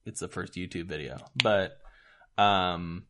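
A man's voice: low-pitched, slow pace, bright, forceful tone. A man in his thirties co-hosting a podcast, laid-back, swearing often and calling people dude. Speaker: podcast co-host. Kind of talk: casual chat.

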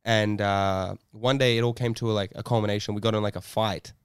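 A man's voice: lowish voice, fairly even intonation, fairly quick, clean tone, no room sound. A man in his young adult years shares a story in casual podcast chat. He rambles, backtracks and laughs often. His voice sits close in a dry, deadened room. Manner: rambling, laughs a lot, many fillers. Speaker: podcast co-host.

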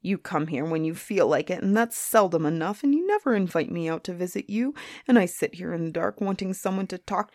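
A woman voicing a lonely, excitable male griffin in a storybook reading, gabbling and grumbling. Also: fairly low pitch, fairly quick, hardly any pauses, no room sound, studio quality.

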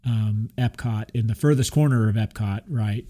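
A man's voice: on the low side, moderate pace, mellow. A man co-hosting a podcast in casual chat, chatty and often checking for agreement. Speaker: podcast co-host.

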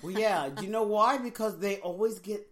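A woman co-hosting a podcast in casual chat, an animated storyteller who stretches words for emphasis. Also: mid-range voice, normal speed. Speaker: podcast co-host.

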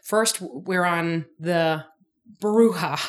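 A woman's voice: lowish voice, moderate pace, fairly bright tone. A woman hosting a podcast, casually recapping an episode, swearing freely and acting out the characters' lines. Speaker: podcast host.

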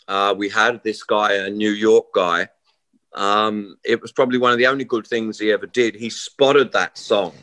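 A middle-aged man, a musician, telling stories in a rambling, animated way in a casual interview. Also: fairly low pitch, no echo. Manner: rambling, animated storyteller with many restarts and quoted voices. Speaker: musician guest.

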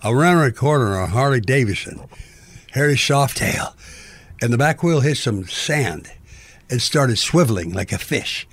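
A man's voice: mid-range voice, expressive, moderate pace, dry recording. An older man, a book author as guest, talking in a playful, theatrical, rambling way. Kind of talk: rambling interview talk.

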